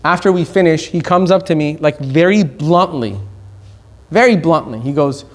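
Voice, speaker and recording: A middle-aged man from Iran giving a Torah lecture as a rabbi, stressing key words slowly and rushing through asides. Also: a little high.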